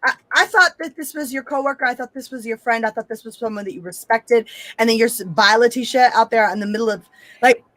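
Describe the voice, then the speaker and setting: Woman podcast co-host, higher voice, blunt and profane, dry close sound. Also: quick pace, pushed and bright, no room sound. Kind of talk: casual panel chat.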